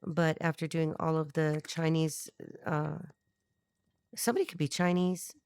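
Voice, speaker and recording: A woman's voice: deep voice, little pitch movement, measured pace, darkish tone, smooth, no room sound, studio quality. A middle-aged woman giving a channeled tarot reading, blunt and rambling, thinking aloud with many restarts. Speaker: tarot reader.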